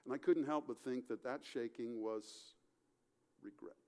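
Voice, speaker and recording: A middle-aged man preaching as a pastor, telling a story with acted-out dialogue and moving from loud passages to hushed ones. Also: medium pitch, measured pace. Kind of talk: sermon.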